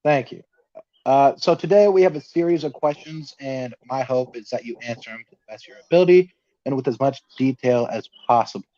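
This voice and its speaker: A man's voice: mid-range voice, a little fast, warm tone. A young man hosting a casual podcast livestream, nervous and laughing as he reads out viewer comments. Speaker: podcast host. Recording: dull, lo-fi dry sound.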